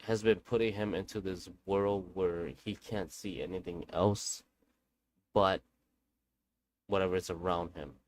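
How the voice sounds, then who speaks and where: A man quoting a female village shaman in his own low voice, telling what must be done in a blunt, instructive way. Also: steady tone, a little slow, pauses often. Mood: instructing.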